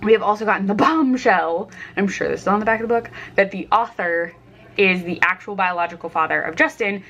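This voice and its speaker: A woman's voice: medium pitch, a little fast, a bit bright. A young woman chatting casually about her reading at home while cooking lunch, with many fillers and frequent laughs. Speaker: book vlogger. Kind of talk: casual reading vlog chat.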